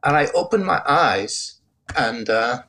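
Speaking slowly yet animatedly in a mid-range voice, a Northern Irish guest in his sixties tells the story of his faith during an interview. The telling is reflective and emotional, with moments where he gets choked up and others where he laughs softly.

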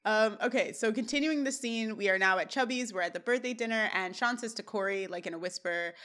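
A woman's voice: medium pitch, quick pace, hardly any pauses. A woman co-hosting a podcast, casually recapping a TV episode scene by scene and laughing often. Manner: animated scene retelling with laughs. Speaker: podcast co-host.

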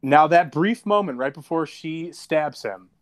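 A man's voice: fairly high pitch, measured pace. Young guy on a podcast, voice jumping all over, swears a lot, big dramatic storyteller. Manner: animated, profane, dramatic storytelling. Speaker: podcast co-host. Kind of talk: casual chat, storytelling.

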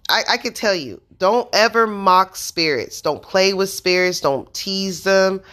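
A woman in her thirties tells viewers a personal story, intense and earnest, swearing freely and addressing them directly. Her medium-pitched voice is a bit bright and a little slow.

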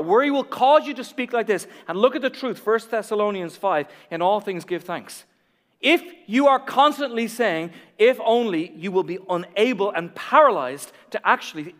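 A man preaching a sermon, emphatic and repetitive, swinging from hushed to loud. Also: sits high, expressive, normal speed. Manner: emphatic, repeats key lines, drops to near whisper then builds. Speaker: pastor. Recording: long reverb of a large hall.

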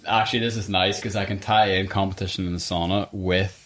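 A man hosting a podcast, chatting casually and telling lively stories with frequent laughter, recorded in a sauna. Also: sits low, a little fast. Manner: animated storyteller, laughs often. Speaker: podcast host. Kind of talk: casual chat. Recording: echoey sauna room.

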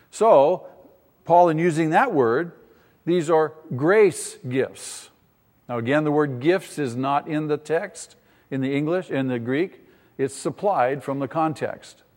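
A man's voice: on the high side, long reverb tail. A man preaching a teaching sermon, asking the congregation questions and rising in emphasis. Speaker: pastor.

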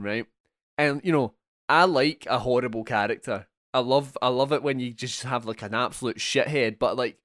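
A young man co-hosting a casual film podcast, animated and swearing freely. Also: medium pitch, dry recording, clean studio sound. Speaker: podcast co-host.

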